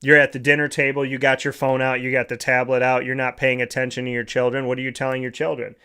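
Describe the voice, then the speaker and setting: A man's voice: mid-range voice, monotone, fast, bright, forceful tone, clean tone. A male host giving a motivational monologue, lecturing and often tossing in rhetorical questions like "right?".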